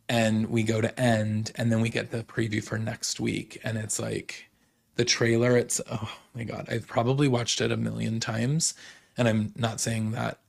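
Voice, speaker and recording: A young man casually recapping reality TV, excitable and full of filler words. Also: mid-range voice, creaky. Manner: excitable, lots of "like" fillers, quotes people in paraphrase. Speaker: podcast host recapping reality TV.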